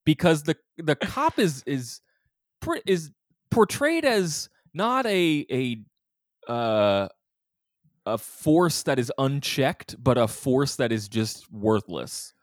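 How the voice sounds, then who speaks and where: A man co-hosting a podcast, chatting casually and acting out quotes in a mock high whiny voice. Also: very animated, slow, no room sound, clean studio sound. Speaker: podcast co-host.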